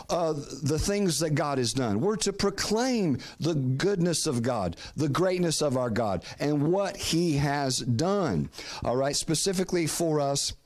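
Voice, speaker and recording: A middle-aged man preaching a sermon as pastor, calling on the congregation to repeat words, often restarting phrases. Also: a little high. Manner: preaching with call-and-response prompts to the congregation.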